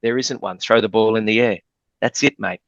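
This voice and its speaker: A man's voice: on the low side, steady tone, normal speed, fairly bright tone, no echo, highs cut off. An Australian man, a former basketball player turned commentator, talking at length as a podcast guest and telling rambling stories. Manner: rambling, talkative storyteller. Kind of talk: casual podcast interview.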